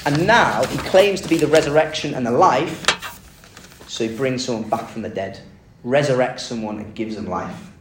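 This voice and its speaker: A man preaching a conversational sermon, telling the story with lively asides and rhetorical questions. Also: medium pitch, moderate pace, a little hiss or hum. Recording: echoey room, mic at a distance.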